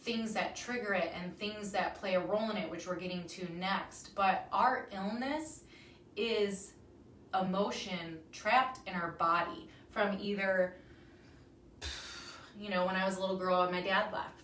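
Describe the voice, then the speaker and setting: A woman's voice: medium pitch, a bit bright, a little hiss or hum. A woman in her thirties hosting a casual live talk to viewers, chatty and emphatic with frequent ums. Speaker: wellness talk host. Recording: roomy echo, somewhat far from mic.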